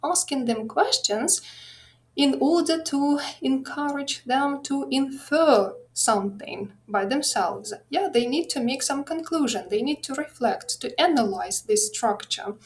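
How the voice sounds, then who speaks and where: A woman's voice: high voice, lively intonation, measured pace. Hesitant Ukrainian-accented woman lecturing. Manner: hesitant, many fillers and restarts. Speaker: lecturer presenting a webinar. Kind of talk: online teaching webinar.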